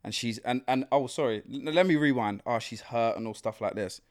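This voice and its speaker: A man, a professional footballer, chatting casually as a guest and giving blunt, animated opinions. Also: mid-range voice, brisk. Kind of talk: casual chat.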